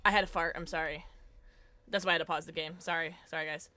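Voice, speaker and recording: A woman's voice: low voice, steady tone, quick pace, pushed and bright, dry recording. A young adult woman live-streaming a horror game, chatting with viewers and shrieking at jump scares. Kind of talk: live gameplay commentary.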